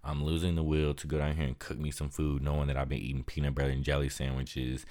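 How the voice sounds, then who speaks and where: A man's voice: very deep voice, level tone, fast talker, a little mellow. A young man hosting a podcast, speaking candidly and bluntly, exhausted and depressed, worn down and swearing often. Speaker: podcast host. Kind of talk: candid monologue.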